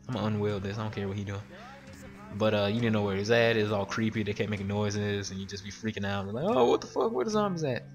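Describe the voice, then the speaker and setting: A young man, rambling and swearing freely through casual let's-play commentary, his voice jumping up high whenever he mimics others. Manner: rambling, profane, animated when quoting others. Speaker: gaming video host.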